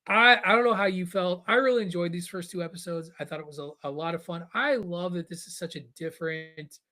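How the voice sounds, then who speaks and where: A man co-hosting a pop-culture podcast, talking in an animated, emphatic, joking way. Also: high voice, a little fast. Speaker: podcast co-host. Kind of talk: casual pop-culture chat.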